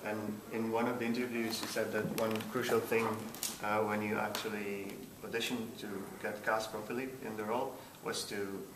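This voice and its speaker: A man's voice: on the low side, level tone. A man interviewing a guest, asking careful questions with hesitant restarts. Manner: hesitant, measured. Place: convention venue. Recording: noisy, echoey, from a distance.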